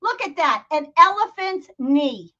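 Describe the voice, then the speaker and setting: High bright woman, Boston accent, profane heated host rant, dull lo-fi stream audio. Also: sing-song, unhurried. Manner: profane, heated, laughing rants. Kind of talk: livestream commentary.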